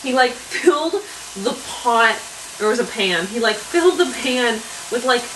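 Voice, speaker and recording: A woman's voice: fairly high pitch, lively intonation, normal speed, fairly bright tone, a little hiss or hum, low-quality recording. Chatty young woman vlogging at home. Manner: rambling, chatty, lots of fillers and asides. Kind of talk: casual vlog chat. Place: home kitchen.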